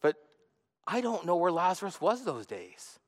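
High-voiced preacher in a reverberant hall. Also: male voice, sing-song, moderate pace. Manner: earnest preaching with swings from hushed to emphatic. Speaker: pastor. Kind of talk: sermon. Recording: long reverb of a large hall.

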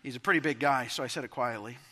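A man preaching a sermon as pastor, impassioned and building to emphatic peaks, with quiet asides, in a church sanctuary. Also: medium pitch, fast talker. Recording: long hall reverb.

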